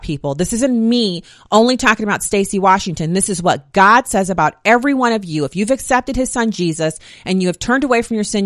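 A woman delivering a faith-based monologue, reciting scripture verses one after another in a steady, emphatic cadence. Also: medium pitch, no room sound, clean studio sound.

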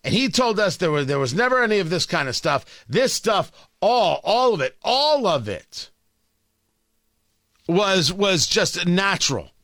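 A man's voice: high-pitched, big pitch swings, unhurried, bright, forceful tone, no echo, studio quality. A man hosting a political talk radio show, delivering a sarcastic, opinionated monologue full of rhetorical questions.

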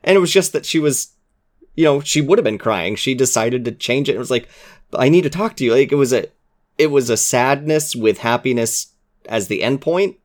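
A man in casual podcast chat, talking earnestly about a game with fillers and soft asides. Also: mid-range voice, expressive, normal speed. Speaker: podcast co-host.

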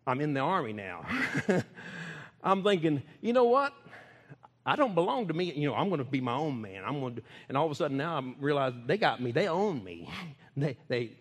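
A man's voice: sits high, in a large hall. A man, preaching in a folksy, emphatic way and laughing often. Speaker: ministry speaker. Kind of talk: preaching talk.

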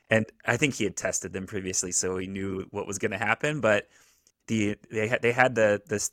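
A middle-aged man co-hosting a podcast, his voice a little low for a man. The sound is dry and close, with no room around it. He chats casually and retells an anecdote in a conversational way. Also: fairly bright tone, no room sound. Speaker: podcast co-host. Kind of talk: casual chat.

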